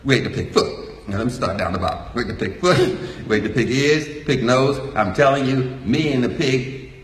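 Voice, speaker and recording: A man's voice: mid-range voice, fairly quick. An older man giving a folksy, joking talk to a live audience. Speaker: speaker. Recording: echoey hall.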